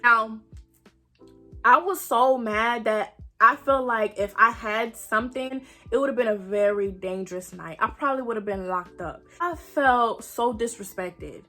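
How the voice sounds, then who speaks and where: Young woman, bright, somewhat high voice; dramatic storytime vlogger who swears a lot. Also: unhurried, faint music behind. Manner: dramatic retelling, acts out quotes, swears freely. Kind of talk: animated storytime.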